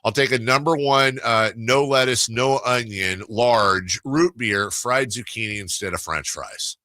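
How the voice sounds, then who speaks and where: Radio host guy chatting loose, rambly, bright voice, dry studio sound. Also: medium pitch, measured pace, no echo. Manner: rambling, storytelling, restarts. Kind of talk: casual radio chat.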